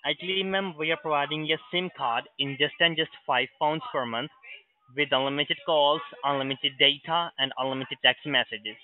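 A man's voice: on the high side, normal speed, no echo. Tinny-phone man, scam caller, raised voice. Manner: angry, shouting obscene insults. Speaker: phone scammer.

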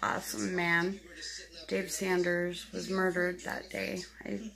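A tired woman chatting casually in a home video, talking softly and fondly to her kittens. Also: lowish voice, level tone, slow, gravelly. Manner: soft, fond baby talk to kittens. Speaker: vlogger.

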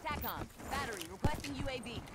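A woman's voice: high voice, animated, quick pace, heavy background noise. A woman voicing a curt female military radio operator in a video game, giving terse, clipped callouts. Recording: game audio under loud gunfire.

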